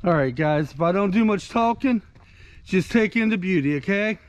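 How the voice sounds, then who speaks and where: A man's voice: high voice, animated, normal speed, no room sound. A man vlogging outdoors on a country walk, telling a rambling, conversational story to his viewers. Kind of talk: casual storytelling while walking.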